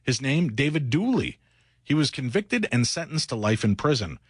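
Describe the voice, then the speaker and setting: A man's voice: medium pitch, sing-song, moderate pace, breathy edge, dry recording. A man hosting a casual talk radio show, reading news stories aloud and riffing on them jokily into a studio microphone.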